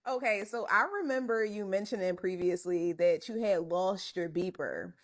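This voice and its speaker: A woman's voice: lowish voice, moderate pace. A woman interviewer in a casual sit-down chat. She presses her guest with eager, probing follow-up questions.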